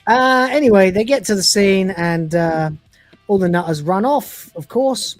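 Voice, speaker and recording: A woman's voice: mid-range voice, lively intonation, measured pace, dry recording, faint music behind. A woman co-hosting a casual livestream review, retelling scenes and acting out the characters' lines with put-on voices. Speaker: podcast co-host reviewing episodes.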